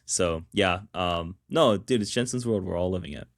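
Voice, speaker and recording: A man's voice: sits low, normal speed. A man co-hosting a casual podcast chat, rambling and slangy with lots of fillers and restarts. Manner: slangy, calls people dude and bro. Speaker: podcast co-host.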